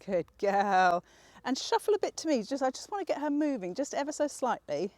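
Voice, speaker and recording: A woman's voice: sits high, very animated, a little fast, darkish tone, no echo. A woman dog trainer, patiently explaining a training exercise step by step and encouraging the dog. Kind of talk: hands-on dog training instruction.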